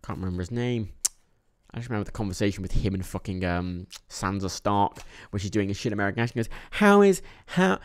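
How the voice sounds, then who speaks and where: A young man casually reviewing films, rambling, swearing often, with sudden animated bursts and a tired edge. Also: fairly low pitch, fast talker. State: a bit tired. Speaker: film reviewer. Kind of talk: casual monthly movie review vlog.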